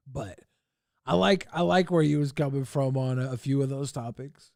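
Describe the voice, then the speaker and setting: A man's voice: medium pitch, lively intonation, normal speed, creaky, a little mellow, dry recording, studio quality. A man hosting a livestream, giving rambling, laid-back commentary with chuckling asides. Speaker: livestream host. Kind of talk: casual stream commentary.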